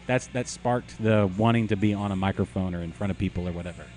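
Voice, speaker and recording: Guy with a lowish voice, chatty podcast cohost, stumbles and restarts a lot, faint music behind. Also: darkish tone. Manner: rambling, halting storyteller with many restarts. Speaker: podcast co-host. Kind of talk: casual chat.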